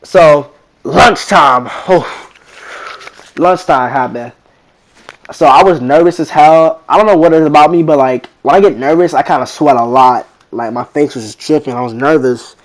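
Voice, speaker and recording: A man's voice: on the high side, moderate pace. A teenage boy casually telling a rambling story in slangy talk, acting out what people said. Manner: slangy, rambling, animated retelling with quoted voices. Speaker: vlogger.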